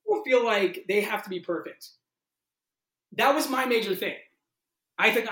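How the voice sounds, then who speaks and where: Animated man telling stories, roomy sound. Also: high-pitched. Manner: animated, fast-shifting, heavy use of "like". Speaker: actor telling audition stories. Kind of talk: casual storytelling interview. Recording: roomy echo.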